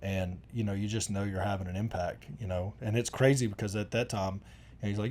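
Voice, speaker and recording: A man's voice: fairly low pitch, steady tone, fairly quick, darkish tone. A middle-aged man, chatting casually and telling rambling, folksy stories with lots of restarts. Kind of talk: casual conversation.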